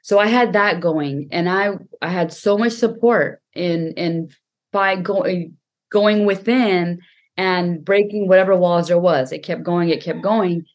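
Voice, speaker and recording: A woman's voice: lowish voice, measured pace. A woman talking as a podcast guest and healer, telling her story earnestly, often repeating herself for emphasis. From Punjabi family. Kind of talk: casual conversation.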